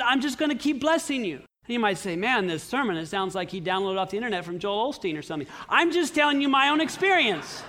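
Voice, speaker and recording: A middle-aged pastor preaching a sermon in a church, telling stories in an earnest way with lively swings in his voice. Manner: earnest storytelling with animated swings in pitch.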